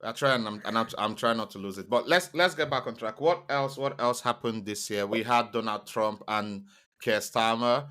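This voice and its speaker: A young man co-hosting a casual podcast chat, relaxed, with stammering restarts. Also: mid-range voice, normal speed. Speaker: podcast co-host.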